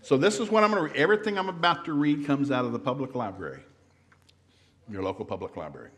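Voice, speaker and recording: Fast-talking Southern man telling stories. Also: medium pitch, animated, a bit bright. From American South. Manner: fast-talking storyteller acting out quotes. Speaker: seminar speaker. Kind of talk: humorous marriage seminar talk. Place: church hall.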